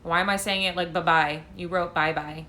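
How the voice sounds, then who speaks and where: Answering viewer questions on a casual phone live stream, a woman tarot reader rambles and makes fun of herself. She speaks at normal speed in a low-leaning, steady voice that sounds pushed and bright.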